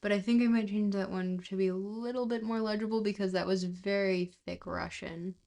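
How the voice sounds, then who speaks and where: A woman's voice: medium pitch, steady tone, a little fast, creaky, warm tone. A woman streamer chatting casually with viewers, talking in loose bits that trail off and restart, and laughing at herself. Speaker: livestreamer reading a book aloud. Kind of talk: casual livestream chat.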